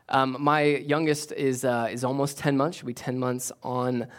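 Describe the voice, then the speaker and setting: A man preaching a sermon as a pastor. He repeats key phrases for emphasis, restarts his sentences, and grows louder and higher when he presses a point. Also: flat delivery, a little slow.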